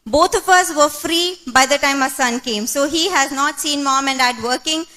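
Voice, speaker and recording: A woman's voice: high-pitched, moderate pace, pushed and bright. A woman giving an earnest motivational talk at a business meeting, with frequent fillers. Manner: earnest, many "okay" and "um" fillers.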